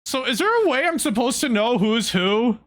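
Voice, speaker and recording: A man streaming a game live, talking casually and excitably and swearing freely. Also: extremely high pitch, moderate pace.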